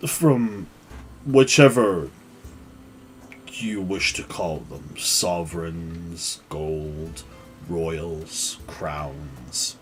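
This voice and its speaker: A man voicing a towering grey-skinned horned warlord who speaks in a low, measured, commanding way. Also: soft background music. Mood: businesslike.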